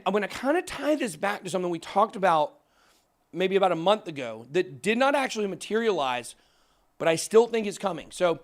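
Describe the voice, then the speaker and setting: A man hosting a crypto talk show, emphatic and excitable, ranting into the camera. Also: sits high. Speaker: crypto channel host. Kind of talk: fired-up casual talk on camera.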